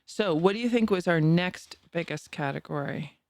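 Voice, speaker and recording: A woman's voice: lowish voice, normal speed, dry recording, clean studio sound. A woman in her sixties with a Boston accent, co-hosting a podcast in bubbly casual chat and laughing often. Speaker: podcast co-host.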